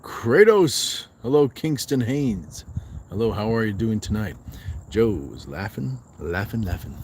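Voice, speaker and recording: A man's voice: lowish voice, big pitch swings, unhurried, a little mellow, a little hiss or hum. A man hosting a fitness livestream, chatting casually outdoors at night while resting on a walk and reading viewer comments aloud.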